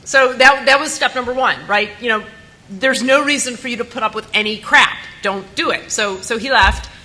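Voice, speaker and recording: A woman in her fifties, a conference panelist telling a blunt, lively anecdote. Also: fairly high pitch, normal speed, low-quality recording.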